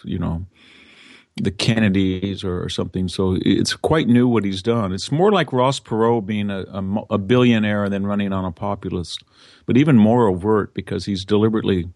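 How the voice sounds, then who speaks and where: A man's voice: on the low side, brisk, vocal fry, darkish tone, dry recording, studio quality. A man, an interview guest, giving political commentary in a conversational way with restarts and quoted asides.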